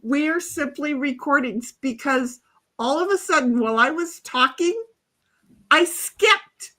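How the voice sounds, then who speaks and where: A woman hosting a casual livestream, rambling through stories and reading out viewers' chat comments with lots of laughter. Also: sits high. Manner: rambling, animated, quick to laugh. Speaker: livestream host. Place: home, speaking over a headset.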